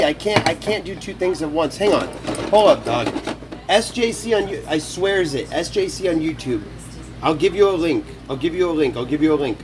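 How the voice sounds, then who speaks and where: Young male streamer, rowdy and foul-mouthed, slightly high, swooping voice, noisy phone audio. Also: lively intonation, brisk. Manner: rowdy, profane, trash-talking. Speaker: livestreamer. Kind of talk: casual live-stream talk while cooking.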